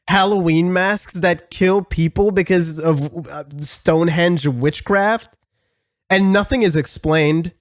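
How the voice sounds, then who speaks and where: A man hosting a casual podcast chat, excitable and rambling, swearing and restarting his sentences. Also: high-pitched, no echo, clean studio sound. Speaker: podcast host.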